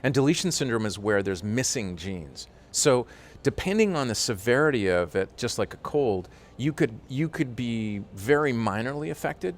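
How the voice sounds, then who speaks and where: A man with a low, grounded voice talks as a guest in a relaxed interview. He tells his stories with energy and fills his pauses with "uh" and "you know". The delivery is loose and conversational. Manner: animated storyteller with frequent fillers. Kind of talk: casual interview chat.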